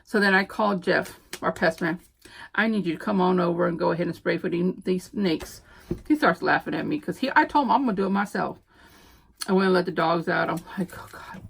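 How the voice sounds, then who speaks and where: A middle-aged woman, a homeschooling mom telling stories in a chatty, animated vlog. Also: fairly low pitch, brisk, vocal fry, slightly rough. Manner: chatty, animated storyteller with frequent fillers. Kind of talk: casual chat.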